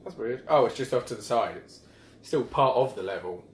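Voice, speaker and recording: A man's voice: mid-range voice, animated, normal speed, a little hiss or hum. A man giving jokey, casual commentary over a video game he is playing, swearing and putting on silly voices. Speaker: let's play commentator. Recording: roomy home recording with game music.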